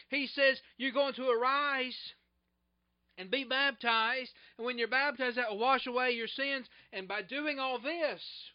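A man preaching a sermon, swelling loud and then dropping soft and slow to stress his points. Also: high voice, highs cut off.

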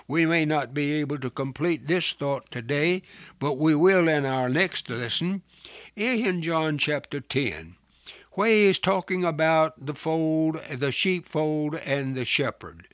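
Male radio preacher, slow and earnest, slightly high voice, dry close sound. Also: a bit bright, no room sound. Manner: slow, earnest, deliberate teaching. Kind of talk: sermon.

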